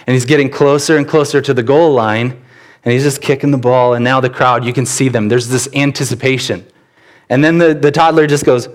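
A man preaching a church sermon, telling stories with sudden bursts of animation. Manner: animated storytelling with sudden rises in pitch. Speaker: pastor.

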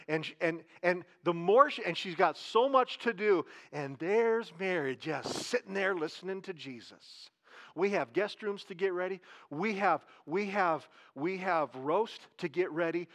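High-voiced pastor preaching conversationally. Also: male voice, a bit bright. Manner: conversational preaching, asks the congregation questions, slows down for emphasis. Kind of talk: sermon.

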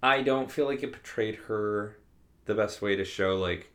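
A man's voice: fairly low pitch, measured pace, fairly bright tone. A man in casual podcast chat, easygoing and laughing along, hedging often as he talks a film through.

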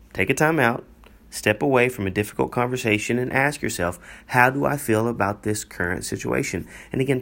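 A man, a pastor, hosting a solo marriage podcast and teaching in a calm, earnest way, repeating key points with frequent "uh" fillers. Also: fairly low pitch, vocal fry.

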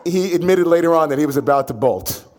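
A man, a rabbi, telling a personal story in an animated, dramatic way. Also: fairly high pitch, fast.

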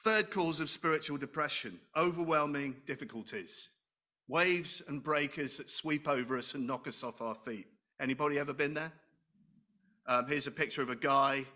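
A man's voice: a little high, normal speed, bright, forceful tone. A middle-aged man preaching a sermon in a conversational way, asking the congregation questions and joking about himself. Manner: conversational, asks the congregation questions, self-deprecating humor.

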